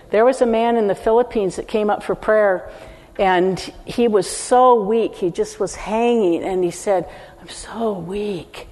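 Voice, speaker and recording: A woman's voice: medium pitch, a little mellow. An older woman teaching a sermon, earnest and emphatic, speaking straight to her listeners. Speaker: preacher. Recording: long hall reverb.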